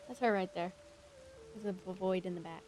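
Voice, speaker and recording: A woman's voice: lowish voice, fairly quick, a little mellow, slight background noise. A young woman chatting casually with her stream chat while she plays, sleepy and playful. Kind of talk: casual live-stream chat over gameplay.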